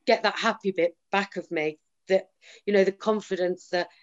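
A woman's voice: mid-range voice, fairly even intonation, normal speed. A woman talking candidly in a casual chat, emphatic and often quoting herself and others. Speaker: guest sharing her story. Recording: slightly dull lo-fi sound.

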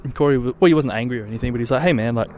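A man's voice: mid-range voice, very fast. Young male podcast host, loose and chatty, mid-range voice, light traffic hum outdoors. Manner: rambling, relaxed, swears casually. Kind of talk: casual solo podcast chat.

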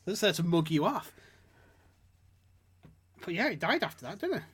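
A man's voice: high voice, big pitch swings, normal speed, a bit bright, husky. A man hosting a podcast, ranting and swearing in casual mocking chat. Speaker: podcast host.

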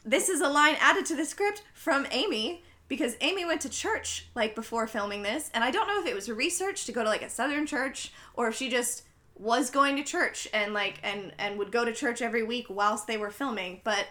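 Podcast co-host: woman with a bright, slightly high voice, chatty and loose, lots of fillers. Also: moderate pace. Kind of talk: casual recap of a film.

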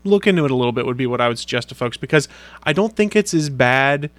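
A man's voice: medium pitch, expressive, a bit bright, no echo. A man co-hosting a podcast in casual chat, telling rambling stories. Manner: rapid, rambling storyteller. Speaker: podcast co-host.

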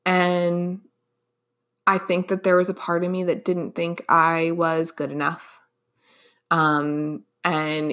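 A woman in her forties hosts a solo podcast and talks casually straight to her listeners. She rambles warmly through a personal story, full of fillers and restarts. Her voice sits a little low for a woman. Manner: chatty, many fillers and restarts. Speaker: podcast host.

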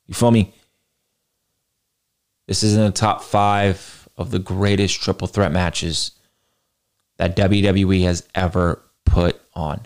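Blunt slangy man ranking wrestling matches. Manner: blunt and animated, slangy, mocks critics in a higher voice. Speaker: podcast host. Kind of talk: casual podcast ranking rant.

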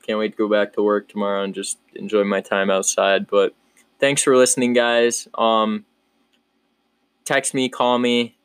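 A man's voice: lowish voice, little pitch movement, measured pace, clear, resonant tone, no room sound. A young man in his twenties hosting his own podcast in a casual, rambling, upbeat way, often restarting his sentences. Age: 20s. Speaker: podcast host. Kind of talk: casual solo podcast chat.

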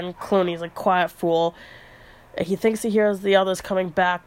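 A woman's voice: fairly low pitch, steady tone, moderate pace, a little mellow. A woman casually retelling a novel's plot as a podcast host, chatty, with trivia asides and fillers. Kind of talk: casual storytelling recap.

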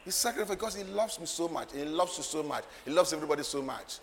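A man preaching a sermon, moving from quiet asides to loud, laughing declarations. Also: fairly high pitch, animated, fast talker. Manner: emphatic, swings from soft asides to loud declarations, laughs often. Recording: long hall reverb, faint ambient noise.

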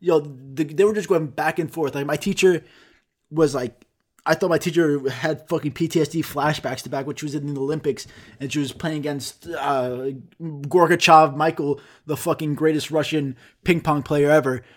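A man's voice: on the high side, fairly even intonation, normal speed. A young man telling a rambling, profane comic story in casual chat, throwing in sound effects.

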